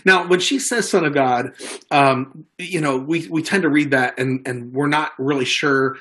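A man's voice: on the high side, measured pace, a bit bright. A man preaching a sermon in a conversational way, stumbling into restarts and acting out quoted lines. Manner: conversational preaching, frequent restarts and repeated words. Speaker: pastor.

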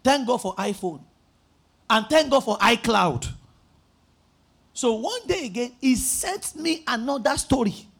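A male pastor preaching a sermon, telling stories animatedly and rising to emphatic shouts. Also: very high-pitched, measured pace, vocal fry, long pauses. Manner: animated storytelling, acting out phone conversations.

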